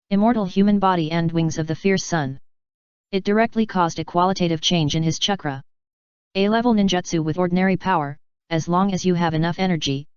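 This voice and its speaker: In steady, scripted audiobook narration, a woman reads a novel aloud in a slightly low, very smooth and clean voice. The recording is dry and close, its tone a little dull and muffled.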